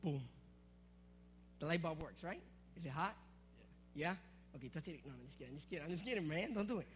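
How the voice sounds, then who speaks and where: A man preaching to a youth group, energetic and teasing, calling out to the crowd. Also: a little high, quick pace, a little hiss or hum. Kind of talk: sermon with object lesson.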